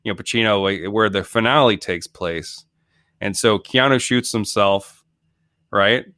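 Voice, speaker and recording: A man's voice: fairly low pitch, a little slow, pushed and bright, no room sound, studio quality. A man co-hosting a podcast, chatting casually and jokily about a movie, rambling with many restarts. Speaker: podcast co-host. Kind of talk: casual comedic movie chat.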